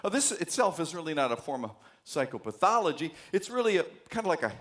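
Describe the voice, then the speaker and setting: American male professor, lively storyteller lecturing a hall, slightly high voice, full of ums and quoted voices. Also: fast talker. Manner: animated storytelling, acts out quoted voices, many fillers. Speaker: psychology professor giving a lecture. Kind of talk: university lecture with anecdotes.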